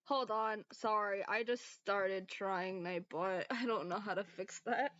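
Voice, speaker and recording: A woman's voice: mid-range voice, unhurried, hardly any pauses, a bit bright, dry recording, lo-fi sound. A woman streamer reading fanfiction aloud in a casual way, stumbling over words and giggling.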